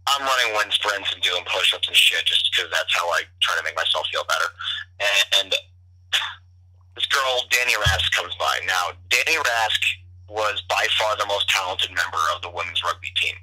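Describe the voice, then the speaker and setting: A man's voice: low voice, moderate pace, pushed and bright, husky. A young man telling stories in casual, profane chat, rambling with many restarts, heard through a phone call. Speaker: podcast guest, bartender. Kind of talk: casual storytelling over the phone. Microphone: telephone. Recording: tinny phone line.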